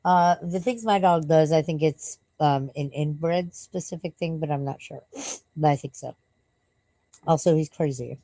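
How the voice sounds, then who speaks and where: A woman with a low, deep-set voice chats on a late-night live stream, tired and rambling. She swears a lot and keeps turning aside to scold or coo at her dog. The sound is close and dry, with no room around it. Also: normal speed, warm tone, no room sound, rough recording.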